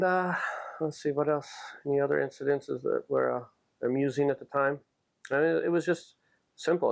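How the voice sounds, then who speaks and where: A man's voice: medium pitch, gravelly. A man casually telling a story to camera, animatedly acting out the dialogue. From United States. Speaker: vlogger.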